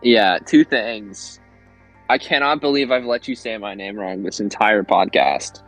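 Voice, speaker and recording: A man's voice: fairly low pitch, expressive, a bit bright, soft background music, low-quality recording. Joking male podcast guest. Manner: joking, quick to laugh. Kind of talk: casual gaming chat.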